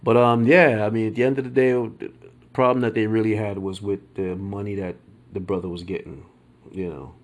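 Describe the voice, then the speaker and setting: A man's voice: fairly low pitch, steady tone. A man hosting a podcast, giving his opinions in a casual, meandering monologue full of fillers and laid-back slang. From United States. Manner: slow and meandering, many fillers and restarts; laid-back, colloquial speech. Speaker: podcast host.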